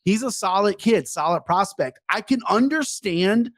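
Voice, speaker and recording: A man's voice: high voice, animated, normal speed, a bit bright, no room sound. Chatty man breaking down fights. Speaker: podcast co-host. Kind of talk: casual sports podcast chat.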